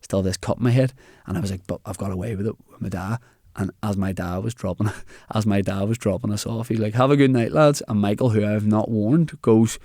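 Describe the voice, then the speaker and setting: Young northern irish bloke spinning a yarn, lowish voice, dry close sound. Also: male voice, brisk, dry recording. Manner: animated anecdote telling with quoted dialogue. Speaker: comedian guest. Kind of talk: casual storytelling chat.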